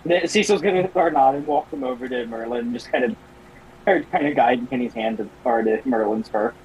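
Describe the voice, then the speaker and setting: A man's voice: mid-range voice, lively intonation, a little fast, a little mellow, husky, poor audio. A man talking casually as a player in a tabletop game, describing his character's actions.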